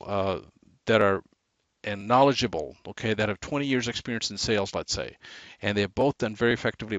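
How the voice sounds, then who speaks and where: A man giving a motivational sales training talk, animated, shifting his inflection and speed for emphasis. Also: medium pitch, no echo. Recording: dull lo-fi dry recording.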